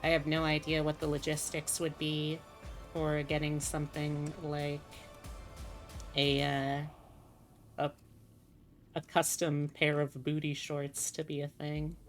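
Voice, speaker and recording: A woman's voice: deep voice, completely flat delivery, takes it slowly, long pauses, soft background music. A woman streamer chatting casually to her viewers while playing, rambling and musing aloud with plenty of fillers.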